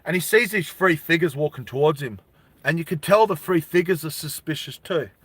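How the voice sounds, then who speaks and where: A man telling a story casually, loud and rambling. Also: on the high side, fairly quick. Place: indoors with rain and industrial noise.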